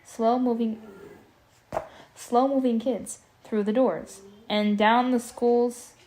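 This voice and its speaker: A woman's voice: a little high, steady tone, slow, dark tone, a little hiss or hum. A young woman reading a horror story aloud in an amateur style, tripping over words and breaking in with joking asides. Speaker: audiobook reader. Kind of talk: casual amateur audiobook reading with commentary.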